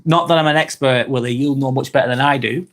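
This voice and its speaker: A man's voice: mid-range voice, quick pace, slight background noise. A man with a Lancashire accent hosting a laid-back live vlog, chatting to viewers and answering their comments, swearing freely and often restarting his sentences. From Northwest England. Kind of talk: casual live-stream chat, reading viewer comments.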